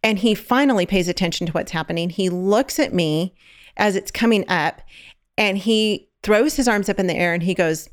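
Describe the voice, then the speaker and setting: A woman's voice: medium pitch, moderate pace. A middle-aged woman in casual chat, telling a long story and acting out the voices in it. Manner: animated, acts out quoted voices.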